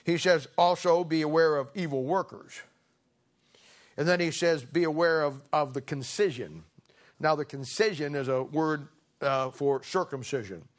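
Speaking at normal speed in a voice on the high side, a middle-aged preacher opens his sermon with a humorous homespun story. He's a folksy storyteller who laughs through his anecdotes, then moves on to scripture.

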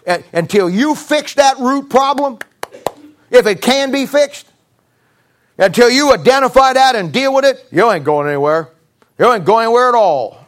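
High-voiced folksy male preacher. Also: lively intonation, normal speed. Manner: folksy, storytelling, emphatic. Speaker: pastor. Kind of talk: sermon.

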